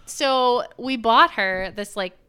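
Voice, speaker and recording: A woman co-hosting a podcast, telling a home story in a casual, animated way and swearing now and then. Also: a little high, slow, clean tone. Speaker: podcast co-host. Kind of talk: casual chat.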